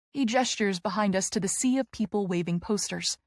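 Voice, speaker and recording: A woman's voice: medium pitch, a little fast, hardly any pauses, dry recording, clean studio sound. A woman narrating a first-person romance audiobook with emotional, breathless storytelling.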